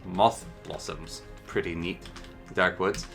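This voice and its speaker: A man's voice: deep voice, steady tone, slow pace, gravelly, a bit bright, soft background music. A man giving casual, enthusiastic commentary while showcasing a game mod, chatting and musing aloud as he goes.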